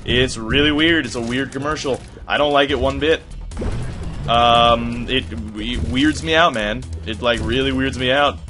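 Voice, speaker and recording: A young man giving casual gameplay commentary, rambling off-topic and swearing, with sudden loud outbursts. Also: mid-range voice, measured pace, music in the background.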